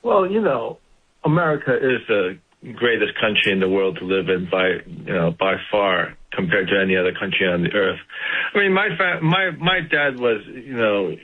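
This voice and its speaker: Earnest guest guy, kinda husky, phoned in on a tinny line. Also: lowish voice, animated, normal speed. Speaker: company CEO guest. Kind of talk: radio interview.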